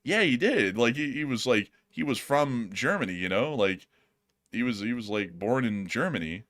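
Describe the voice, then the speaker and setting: A man's voice: mid-range voice, expressive, moderate pace, a bit bright. A man hosting a live commentary stream in a mid-range voice. He rambles, restarts his sentences and fills gaps with fillers, while he reacts to the news and thanks supporters. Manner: rambling, repeats words, many fillers. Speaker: host.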